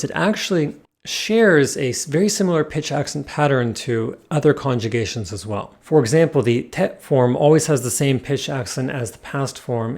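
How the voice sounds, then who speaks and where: A man delivers a scripted language lesson in an even, mid-pitched voice. He works through the rules in numbered points with a calm, methodical manner. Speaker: language teacher.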